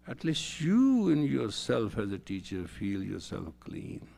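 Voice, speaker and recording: A man's voice: on the low side, huge pitch swings, a little slow, vocal fry, a little mellow, a little hiss or hum. A man lecturing as a spiritual teacher, emphatic and repeating phrases for stress.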